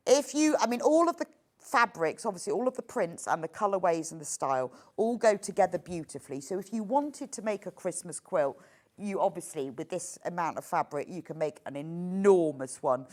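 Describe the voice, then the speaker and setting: A woman presenting on a live shopping channel, her voice swooping high and low with eager delight. She gushes over each item and laughs easily, keeping the pitch lively from phrase to phrase. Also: moderate pace. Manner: gushing, enthusiastic, laughs easily.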